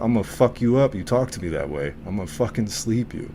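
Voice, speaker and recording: A man's voice: mid-range voice, fast talker, hardly any pauses, a little hiss or hum. A man co-hosting a casual group chat among veterans, talking bluntly with lots of swearing. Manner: blunt, profane, animated storytelling. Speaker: podcast co-host, veteran.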